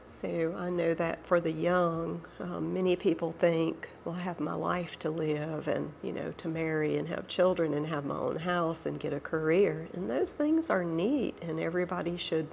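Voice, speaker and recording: A middle-aged woman with a Southern American accent and a nasal voice from a cold, chatting gently over tea about Bible study. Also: sits low, steady tone, vocal fry, a little hiss or hum. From Georgia, USA. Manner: gentle, unhurried, devout. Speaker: channel host. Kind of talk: casual tea-time Bible study chat.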